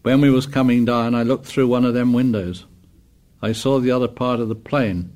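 A man's voice: mid-range voice, fairly even intonation, moderate pace, a little mellow, natural voice. A man voicing a plump, anxious schoolboy with asthma and glasses, chattering eagerly in ungrammatical speech. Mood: worried.

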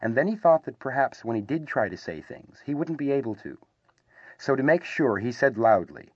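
A man reading a children's story aloud with lively, gently wry narration. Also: mid-range voice, normal speed, slightly rough, no room sound. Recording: slightly dull, dry recording.

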